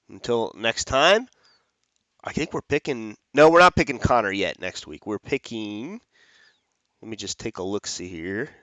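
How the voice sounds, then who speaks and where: A man's voice: medium pitch, a bit bright, dry recording. A man hosting a fight-picks show, talking casually and rambling, correcting himself as he goes. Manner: chatty, rambling with restarts and self-corrections. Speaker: MMA fight picks host. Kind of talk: casual fight prediction talk.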